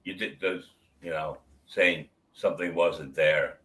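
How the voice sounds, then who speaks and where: A man with a lowish, bright, forceful voice jokes bluntly on a casual live stream. He talks over the others and goes through the songs on his list. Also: steady tone, measured pace. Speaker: stream co-host reacting to music.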